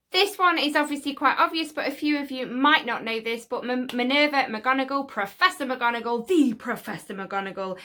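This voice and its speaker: A woman with a high, bright voice hosting a casual fan vlog. She chats along informally and breaks off now and then into excited asides. Her tone stays light and sharp throughout. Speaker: fan channel host.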